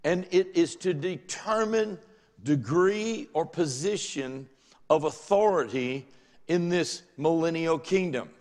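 A male pastor with a Southern US accent delivers a sermon. He reads the passage aloud and then unpacks it in plain, everyday words, his fairly high voice carrying. The church audio rings with a long hall reverb. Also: takes it slowly, darkish tone. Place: church sanctuary.

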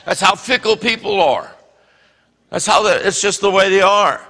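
A man preaching a sermon as pastor, animated and acting out the voices he quotes. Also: high-pitched, normal speed, long reverb tail. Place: church sanctuary.

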